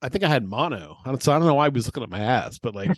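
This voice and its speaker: A man's voice: mid-range voice, lively intonation, no echo. A man telling a short personal story in casual podcast chat, stopping and restarting as he goes. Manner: halting, self-correcting storytelling.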